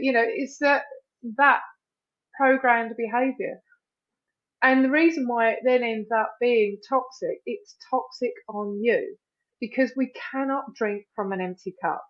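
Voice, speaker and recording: A middle-aged woman talking candidly as a podcast guest, animated and full of "you know" fillers, acting out little quoted phrases. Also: a little high, unhurried, dull audio.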